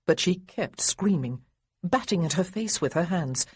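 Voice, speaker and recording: Husky woman narrating an audiobook. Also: fairly low pitch, measured pace. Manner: expressive, voices the boys lightly. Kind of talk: scripted narration.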